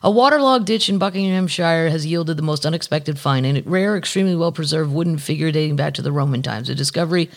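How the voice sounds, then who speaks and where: A mid-range voice runs fast with few pauses as a podcast host reads news items aloud. Asides and frequent profanity keep the casual chat candid and wandering.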